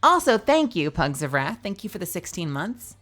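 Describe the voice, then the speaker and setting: A playful woman streamer chatting with her audience, her voice bright and sharp and swinging animatedly up and down. Soft music plays behind her. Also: fairly low pitch, big pitch swings, normal speed. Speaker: livestreamer. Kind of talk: casual chat with viewers.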